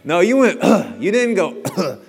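Strict nagging mother, middle-aged woman, high and sharp, in a long-reverb hall; a man puts her on. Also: very animated, moderate pace. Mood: scolding.

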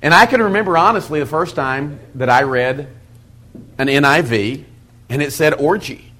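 A middle-aged man teaching as a pastor, folksy and animated, acting out quoted asides. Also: on the high side, normal speed. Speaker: pastor teaching a Bible study method. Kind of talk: sermon-style teaching talk.

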